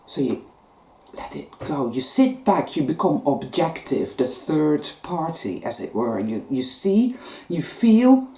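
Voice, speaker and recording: Low-voiced woman giving an earnest spiritual talk. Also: sing-song, unhurried, mellow. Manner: earnest, swearing, conversational. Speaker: spiritual vlogger. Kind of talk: spiritual monologue. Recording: echoey room.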